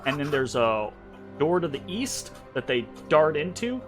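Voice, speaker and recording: A man's voice: a little high, sing-song, unhurried. A man narrating as game master in a tabletop game, casual and loose, with many fillers and tag questions. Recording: faint background music.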